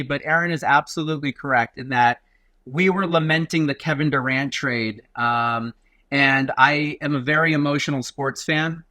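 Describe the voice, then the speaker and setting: Podcast guest from Arizona, bright forceful voice, dry close sound, lively storyteller. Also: male voice, mid-range voice, no echo. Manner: animated storyteller, acts out quoted voices. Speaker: guest, lawyer.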